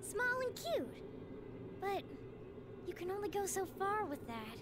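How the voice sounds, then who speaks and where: Game role: a high, bouncy Southern idol girl with a folksy twang. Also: big pitch swings, measured pace, a bit bright, a little hiss or hum, exaggerated voice. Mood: candid. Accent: Southern US (acted). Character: young woman idol with a rural twang. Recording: game audio over music.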